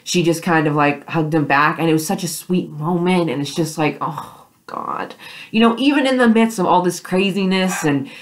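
A young woman talks fast and loose in a casual fan vlog, gushing and rambling with plenty of fillers. Her voice sits low for a woman. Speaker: vlogger. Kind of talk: excited fan reaction vlog.

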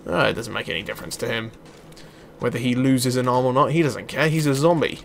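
A man giving casual let's play commentary as a gaming YouTuber, chatty and excitable, exclaiming at enemies and laughing. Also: mid-range voice, a little fast, gravelly, slight background noise.

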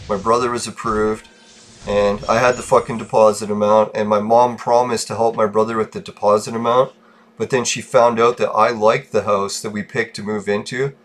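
A man podcasting alone, venting bitterly in a casual, profane rant. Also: lowish voice. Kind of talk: casual ranting monologue.

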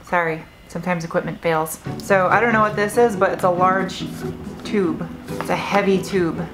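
A young woman hosting her car vlog, talking casually and getting excitable as she opens gifts from viewers. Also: lowish voice, normal speed, over music. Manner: chatty, excitable when unboxing gifts. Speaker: car vlogger and host.

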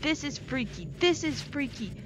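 A woman's voice: high voice, lively intonation, moderate pace. A woman hosting a let's-play of a scary VR game, talking nervously and rambling to her viewers. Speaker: gaming video host. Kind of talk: casual let's-play commentary. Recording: noisy game ambience behind.

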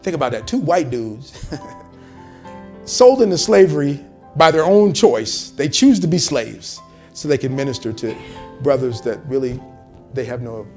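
Male pastor, impassioned sermon delivery with a wide, lively pitch and repeated phrases. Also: unhurried, pauses often, faint music behind. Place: church service in a hotel venue.

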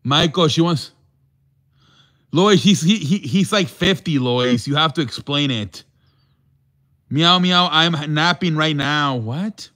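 A man hosts a loose live chat with callers, joking around and acting mock-offended. He talks slowly. His voice is bright, and he drops Spanish words into his English. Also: on the high side. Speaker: show host.

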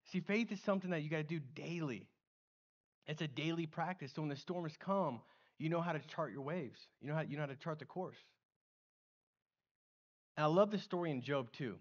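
Lively casual pastor preaching, man. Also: a little high, normal speed, lo-fi sound. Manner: casual, animated preaching with slang and acted-out asides. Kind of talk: sermon. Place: church.

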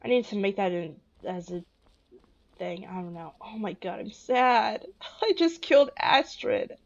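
A woman hosting a casual gaming let's play, soft-spoken and repeating sad exclamations. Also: medium pitch, animated, measured pace, highs cut off. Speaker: gaming video host.

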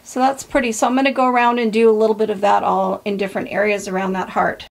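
A woman's voice: medium pitch, flat delivery, fast, gravelly. A woman hosting an art tutorial, chatting casually and encouragingly as she demonstrates her work. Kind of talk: casual craft demonstration narration.

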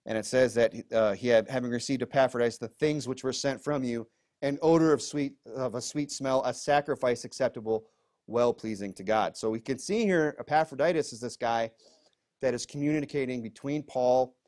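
A man's voice: mid-range voice, darkish tone. A man preaching a Bible study in a church, reading verses aloud with emphasis and explaining them in a casual, conversational way full of fillers. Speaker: pastor. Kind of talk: expository Bible teaching.

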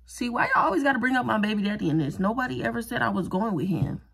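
A woman's voice: fairly high pitch, animated, quick pace, gravelly, fairly bright tone, slightly rough. A young woman chatting casually through a beauty tutorial, joking and mocking herself as she talks straight to viewers. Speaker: vlogger doing a wig and lash tutorial.

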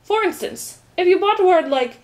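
A woman's voice: extremely high pitch, expressive, moderate pace, voice pushed up. A woman voicing a demanding, lecturing male count in a storybook reading.

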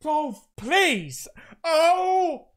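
Sweary man reacting loudly. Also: very high-pitched, very animated, drawn-out words. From England. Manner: loud, sweary, shouting exclamations. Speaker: reaction video host. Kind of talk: reacting to scary clips.

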